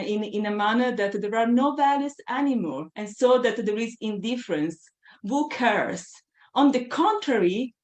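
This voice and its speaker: A woman delivers an academic lecture in a fairly high voice, thoughtful and deliberate. She leans on her key points for emphasis. The sound is roomy, with a clear echo around her. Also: darkish tone.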